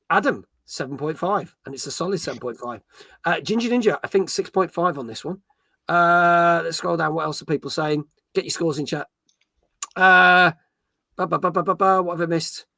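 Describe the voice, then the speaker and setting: A man's voice: sits high, pushed and bright, no room sound, studio quality. A man hosting a casual gaming live stream, joking and reading viewer comments aloud. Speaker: podcast host reading chat.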